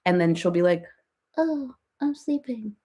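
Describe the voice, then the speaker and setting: A woman's voice: medium pitch, expressive, a little slow, warm tone, husky. A woman playing a rambling, chatty reality-TV woman in a comedic parody livestream, who baby-talks her cats and answers viewers by name.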